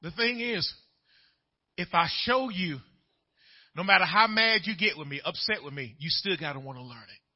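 A pastor preaches in a very high, lively voice, his pitch swinging widely as he slips from a folksy family story into shouted preaching. The recording sounds dull and lo-fi. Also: normal speed, pauses often, slightly rough. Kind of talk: sermon.

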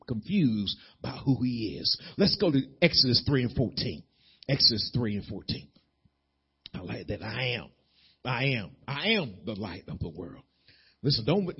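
A male pastor delivers a sermon in a husky, fairly high voice that leaps and falls with lively range. He drives repeated phrases upward, then sinks to hushed asides. The recording is muffled and lo-fi. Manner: preaching with rising emphatic repetition, dropping to low intimate asides.

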